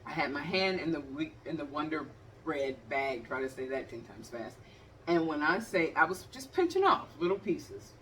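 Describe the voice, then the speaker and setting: A woman's voice: deep voice, sing-song, moderate pace, fairly bright tone, recorded from a distance, a little hiss or hum. A woman in her fifties, from the Cleveland area, telling funny stories and acting out the scenes while she talks to the viewer. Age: 50s. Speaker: vlogger. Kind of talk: animated comedic storytelling.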